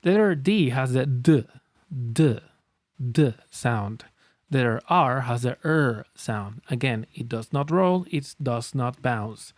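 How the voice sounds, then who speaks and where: He teaches phonics as a language teacher, patiently voicing letters and words in slow, drilled pronunciation for learners to repeat. The medium-pitched, animated voice goes a little slow with hardly any pauses, captured dry and close without room sound, faint music behind it.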